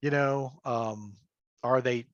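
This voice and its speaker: A man's voice: mid-range voice, steady tone, slow pace, no echo, dull audio. A middle-aged man talking as a livestream guest about running games, rambling with many fillers and frequent laughs. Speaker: guest, game master and crafter. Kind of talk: casual livestream chat.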